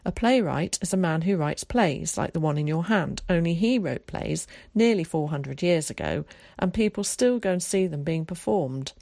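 A woman reading aloud, voicing an eager, theatrical schoolboy who loves to show off, in a lively, dramatic way. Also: lowish voice, moderate pace, vocal fry, dry recording, clean studio sound.

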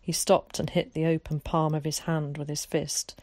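Woman narrator, low voice, calm and measured, dry close recording. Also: no echo. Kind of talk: audiobook narration.

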